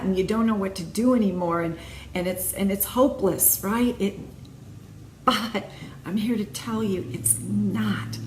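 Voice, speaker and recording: A woman's voice: medium pitch, a little mellow. A woman hosting her own video, giving an earnest, emphatic faith talk with many repeated phrases. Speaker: video host. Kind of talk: encouraging faith talk to camera. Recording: echoey room, faint noise.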